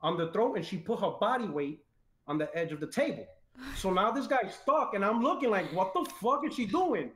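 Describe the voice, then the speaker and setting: New man, casual animated storyteller, high voice, echoey room. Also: a little fast, a little hiss or hum. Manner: animated, swearing, quotes people in raised voice. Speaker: podcast guest telling stories.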